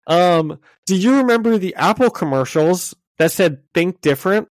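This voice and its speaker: A man's voice: sits high, lively intonation, normal speed, no echo. A man co-hosting a podcast in casual chat, recapping a comic and laughing often. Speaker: podcast co-host.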